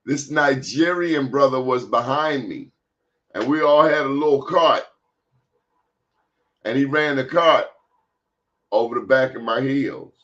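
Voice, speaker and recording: A man hosting a talk show, telling stories in a casual, colloquial, animated way. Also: medium pitch, unhurried, long pauses. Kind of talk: casual storytelling chat. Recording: dull lo-fi sound.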